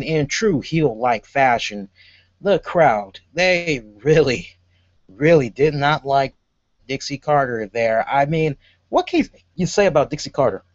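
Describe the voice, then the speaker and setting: A man's voice: mid-range voice, dry recording. Chatty man with a dull lo-fi sound. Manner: rambling and chatty, with many fillers. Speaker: wrestling show reviewer. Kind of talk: casual chat, show review. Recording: dull lo-fi audio.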